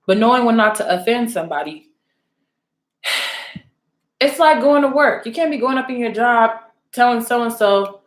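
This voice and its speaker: A woman with a slightly high, expressive voice talks unhurriedly to her viewers, leaving long pauses. As a spiritual reader she rambles casually, blunt, teasing and profane, calling her audience out in an echoey room.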